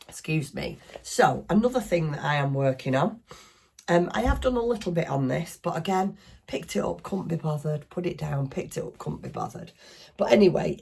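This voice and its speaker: A woman's voice: sits low, vocal fry, a little mellow, husky. A middle-aged woman with a Northern English accent, chatting casually and rambling in a self-deprecating way as she shows her knitting to her viewers. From northwest England. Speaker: craft vlogger. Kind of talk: casual craft chat.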